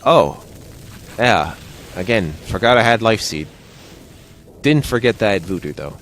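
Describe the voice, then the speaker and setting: A man with a Midwestern American accent talks over his gameplay in a loose, rambling way, drifting from joke to tangent. His voice sits fairly low. A faint hum sits under him. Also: animated, measured pace, fairly bright tone. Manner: rambling, jokey, wanders off on tangents. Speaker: let's play host. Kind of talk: casual gameplay commentary.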